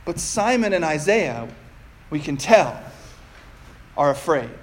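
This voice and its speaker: A man preaching a sermon as pastor, measured and deliberate, often posing rhetorical questions to the congregation. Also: on the high side, very animated.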